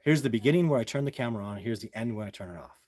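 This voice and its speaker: A man's voice: mid-range voice, expressive, very fast, a little mellow. Emphatic man chatting on a livestream. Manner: emphatic, repetitive, addresses viewers as guys. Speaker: livestream host answering viewer chat. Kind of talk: casual livestream talk.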